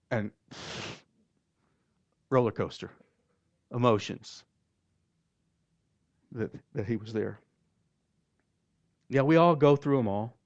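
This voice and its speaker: Folksy Oklahoma preacher, dull dry recording. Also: male voice, medium pitch, no room sound. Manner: folksy, halting, repeats words. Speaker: pastor. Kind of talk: storytelling sermon.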